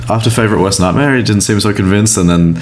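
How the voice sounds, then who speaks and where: Young Aussie-raised band member, very deep voice, casual and slangy, faint hum behind. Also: male voice, fast. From Australia. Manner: laid-back, swearing, slangy. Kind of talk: casual podcast chat.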